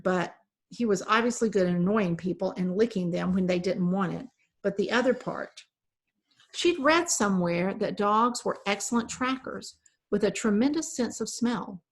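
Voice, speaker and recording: A woman reading a children's novel aloud, narrating the story in a steady, even way. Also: medium pitch. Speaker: reader.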